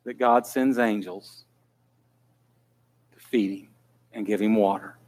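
A man's voice: fairly low pitch, steady tone, takes it slowly, darkish tone. A man preaching a sermon in an earnest manner that builds to pleading intensity.

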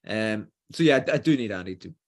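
A man's voice: lowish voice, lively intonation, a little fast. A man hosting a casual sports chat, hesitant and rambling with many fillers. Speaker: podcast host.

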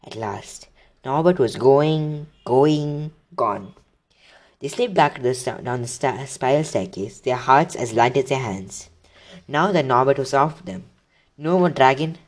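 A man's voice: mid-range voice, lively intonation, a little slow. A man reading a children's book aloud, casually, with slips and restarts. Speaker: reader.

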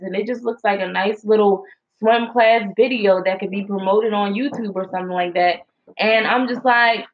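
A young woman telling a story to her viewers, chatty and animated, with slang and lots of fillers. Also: mid-range voice. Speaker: mom vlogger. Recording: slightly dull lo-fi audio.

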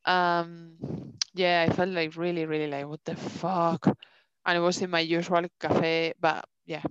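A woman's voice: on the low side, level tone, moderate pace, fairly bright tone, clear, resonant tone, no room sound. A woman chatting casually, telling a story loosely and laughing along. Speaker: podcast co-host. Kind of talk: casual chat. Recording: dull, dry lo-fi sound.

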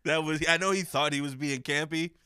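A man's voice: a little high, fairly even intonation, a little fast, sharp tone, clear, resonant tone. A young man hosting a podcast in casual chat, rambling, swearing freely and laughing often. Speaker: podcast host.

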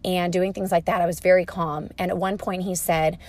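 A woman in her thirties, a mother giving calm, patient advice to parents in an explanatory talk. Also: on the low side, brisk, few pauses, no room sound. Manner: calm, patient, explanatory, soft-spoken at times. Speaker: parenting educator.

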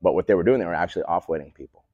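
Speaking low and very fast, this man co-owns a speed training facility and lays out his training methods in a casual interview over a remote call. The audio is dull, and he keeps checking in with "right?" after his points, telling it all with animated, coach-like energy.

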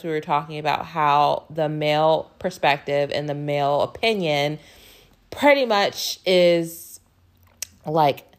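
A young woman co-hosting a podcast in loose, frank chat, swearing freely and breaking into laughter. Her voice sits a little low for a woman. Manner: frank, profane, laughs often. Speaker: podcast co-host. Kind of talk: casual chat.

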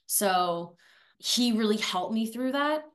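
A young woman from France, a former student, talking fast and chatty in a casual interview. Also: a little high, animated.

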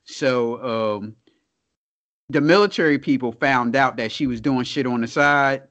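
A man's voice: mid-range voice, a little slow, a bit bright. A man cohosting a podcast in a laid-back, casual way, asking his partner questions. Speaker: podcast co-host. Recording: slightly muffled audio.

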